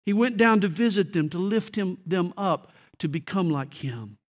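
A man playing a stern senior male angel, firm, measured, patient teacher, storybook reading. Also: high voice, lively intonation.

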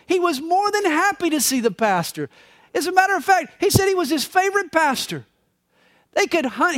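Male pastor preaching a live sermon, high voice with a wide, lively swing, dry close sound. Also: dry recording. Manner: expressive storytelling preacher. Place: church service.

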